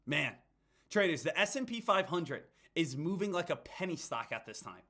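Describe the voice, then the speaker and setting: A man's voice: a little high, big pitch swings, moderate pace, bright, forceful tone. A man giving emphatic stock market commentary, repeating phrases and calling his viewers guys and team. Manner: repetitive, hype-driven, addresses viewers as guys and team.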